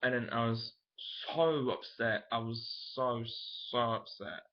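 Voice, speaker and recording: A man's voice: mid-range voice, a little slow. A young man, telling a personal story to camera in a frank, emotional, rambling way. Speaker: vlogger. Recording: dull lo-fi camera audio.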